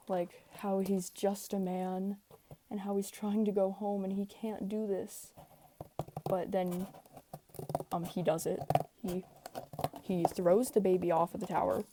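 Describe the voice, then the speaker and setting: A hoarse woman hosting a casual podcast, speaking quietly at home with lots of fillers as she recaps a story. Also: mid-range voice, noisy background. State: hoarse, tired voice. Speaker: podcast host. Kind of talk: casual rambling recap rant. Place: home room.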